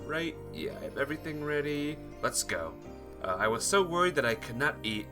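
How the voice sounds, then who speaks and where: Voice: mid-range voice, sing-song, fairly quick. A streamer reading a visual novel aloud, greeting viewers between lines. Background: guitar music.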